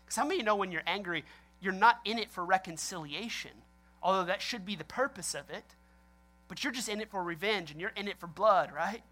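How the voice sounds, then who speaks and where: A male pastor delivering a sermon with lively, animated storytelling. He laughs often and acts out people's reactions as he speaks. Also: sits high, brisk.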